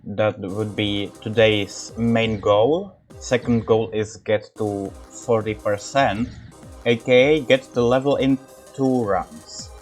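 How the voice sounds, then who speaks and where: A man's voice: fairly low pitch, steady tone, slow pace, soft background music. A man giving casual commentary over his own gameplay, exasperated and swearing often.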